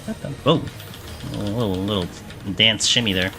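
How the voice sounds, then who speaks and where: A man's voice: on the low side, moderate pace, over music. A young man streaming a game live, chatting casually and answering viewer questions with lots of fillers. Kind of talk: live gameplay commentary.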